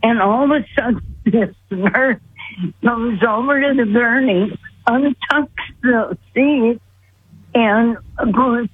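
A woman's voice: a little high, slow, slightly rough, no echo. An older woman, a guest, earnestly telling a personal near-death story. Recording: tinny phone line.

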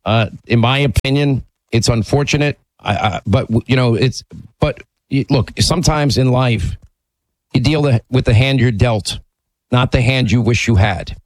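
A man's voice: mid-range voice, moderate pace, no echo, poor audio. Radio host guy, blunt and pushy, restarts a lot, dry mic. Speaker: radio talk show host. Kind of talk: talk radio call-in.

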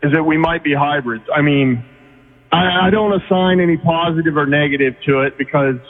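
A man's voice: a little high, brisk. Man from Oregon, radio caller, rambling, earnest, tinny echoey phone line. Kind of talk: call-in radio conversation.

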